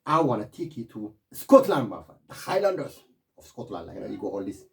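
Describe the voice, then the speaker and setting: Middle-aged guy rambling on camera, pitch jumping all over, keeps saying my friend. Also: very animated, brisk, creaky. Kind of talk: rambling casual monologue.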